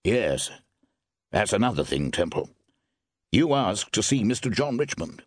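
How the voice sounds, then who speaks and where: A man reading an audiobook voices a gruff, gloomy older male official who speaks curtly and wearily. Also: on the low side, sing-song, unhurried, no room sound, studio quality. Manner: gruff, curt, weary.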